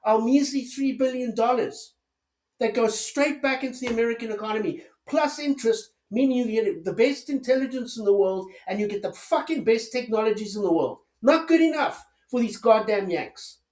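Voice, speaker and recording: A man with an extremely high, slightly mellow voice speaks at a normal pace. His angry political rant is full of heavy swearing and sarcastic rhetorical questions, and the recording has a roomy echo.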